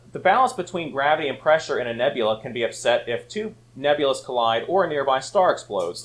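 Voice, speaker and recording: A man's voice: mid-range voice, a bit bright. A man teaching a church Sunday school class, arguing his points emphatically and reading passages aloud. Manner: emphatic, rising to argue points.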